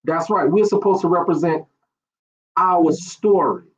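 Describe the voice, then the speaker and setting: A man's voice: on the high side, unhurried. A man preaching an online sermon, asking rhetorical questions and repeating phrases. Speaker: pastor. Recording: dull lo-fi stream audio.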